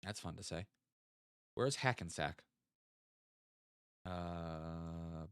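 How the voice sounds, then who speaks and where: A man's voice: lowish voice, sing-song, moderate pace, pauses often, a bit bright, no room sound, studio quality. A young man, chatting casually with viewers while playing a geography game and thinking aloud. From American South. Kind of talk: casual live-stream chat.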